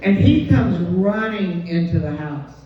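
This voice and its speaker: A woman comedian, telling a stand-up story in an animated way and acting out the quoted voices. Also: on the low side, a little slow, a little hiss or hum. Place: comedy club stage. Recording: dull, distant, echoey club recording.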